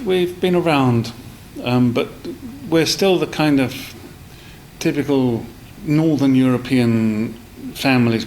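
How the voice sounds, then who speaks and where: Guy on a podcast, bit of fry in his voice, rambles and restarts a lot. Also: mid-range voice, darkish tone, a little hiss or hum, poor audio. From South East London. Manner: rambling, with many fillers and restarts. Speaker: guest. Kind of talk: casual storytelling in a podcast interview.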